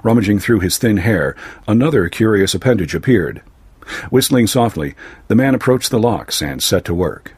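A male narrator reads a fantasy tale in a measured, even manner. His voice is low and slightly husky. The recording is dry and close, with no room sound. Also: no room sound. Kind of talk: scripted story narration.

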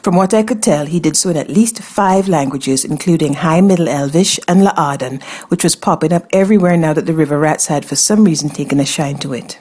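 A woman's voice: low-pitched, a little fast, few pauses, husky. Wry woman narrating a fantasy tale. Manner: wry, expressive first-person telling. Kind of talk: audiobook narration of a fantasy story.

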